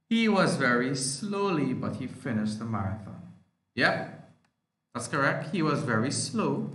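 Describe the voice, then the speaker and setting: A man with a Trinidadian accent teaches an online grammar lesson in a bright, forceful voice. He works through examples step by step and poses questions only to answer them himself. The recording is roomy and echoey. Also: mid-range voice. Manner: explains step by step, asks and answers his own questions. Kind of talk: online language arts lesson. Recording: echoey room.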